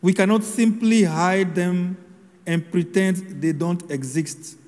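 A man preaching a sermon in a slow, measured homily delivery with solemn pauses. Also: sits high, darkish tone, big-room sound.

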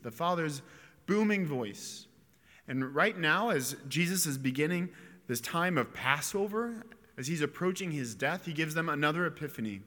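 A preacher or priest with a sharp tone and a slightly high, animated voice gives an earnest, reflective homily. His delivery includes pauses and restarts, and the chapel adds a long echo.

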